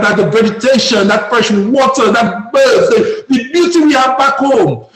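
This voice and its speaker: A man from Dominica with a Dominican accent, calling in to a radio talk show with fervent, preachy commentary that rises to shouts. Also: extremely high pitch, roomy sound, rough recording. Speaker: caller. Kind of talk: impassioned call-in commentary.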